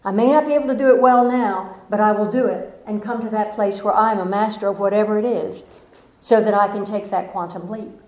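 A woman's voice: medium pitch, a little fast. A woman giving an inspirational talk to a live audience, telling stories with playful asides. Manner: storytelling, animated, playful asides. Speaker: motivational speaker. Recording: echoey room.

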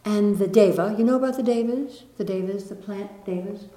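A woman giving a gentle spiritual talk to a live audience, lilting and laughing softly. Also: medium pitch, a little fast. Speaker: spiritual teacher. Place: room with an audience. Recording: echoey room.

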